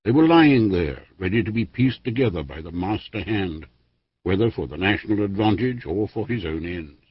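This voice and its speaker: A man reading a history book aloud as an audiobook narrator, in a measured, formal way with lively emphasis. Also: lowish voice, breathy edge, dry recording. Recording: dry, dull lo-fi studio recording.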